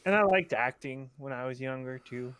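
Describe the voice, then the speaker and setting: A man's voice: medium pitch, normal speed, a bit bright, clean tone. A young man as a podcast guest, chatting in a laid-back, loose way with casual swearing. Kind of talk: casual chat.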